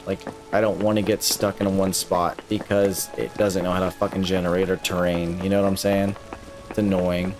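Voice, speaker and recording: Speaking at normal speed in a low-pitched, level, darkish voice, a man livestreams gameplay with faint music behind him. He chats casually with his viewers, cursing frequently and grumbling about his frustrations.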